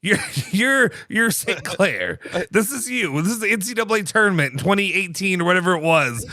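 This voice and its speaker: High, lively man teasing a co-host. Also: fairly quick, no echo, studio quality. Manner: jokey, interrupts with teasing asides. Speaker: radio show co-host. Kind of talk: casual chat. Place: radio studio.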